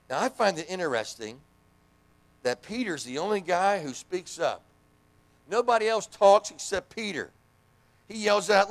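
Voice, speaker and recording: A middle-aged preacher man with a gravelly, somewhat high voice delivers a lively church sermon. He jumps into the voices of the people he quotes, mixing personal stories with scripture. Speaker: pastor and hospital chaplain. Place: church sanctuary.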